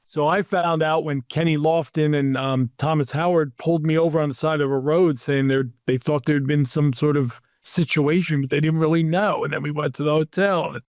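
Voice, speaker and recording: A man hosting an interview, telling lively anecdotes about his PR career and acting out the quotes. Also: a little high, moderate pace, hardly any pauses, no echo, studio quality. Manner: animated anecdotes, acts out quotes. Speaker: podcast host, PR executive. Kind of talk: casual storytelling interview.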